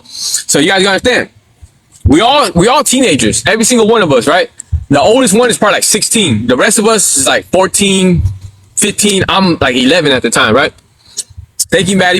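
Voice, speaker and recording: Fast-talking, husky-voiced man telling a wild story. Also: sits high. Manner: animated, acts out quotes with yelps and laughs; slangy street talk, swears freely. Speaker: livestream host. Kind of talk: casual storytelling on a livestream.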